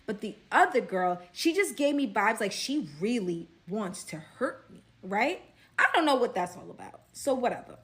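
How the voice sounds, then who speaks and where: A young woman, spinning a dramatic storytime in a chatty, casual way. Her voice sits fairly high, and she keeps checking in with listeners with "right?". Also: sing-song, moderate pace, fairly bright tone. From Brooklyn, New York. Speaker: storyteller vlogger.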